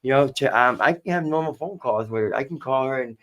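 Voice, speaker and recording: A man's voice: mid-range voice, brisk, a bit bright. A man with a Boston accent telling his story as a podcast guest, candid and rambling, swearing and repeating himself. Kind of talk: casual storytelling.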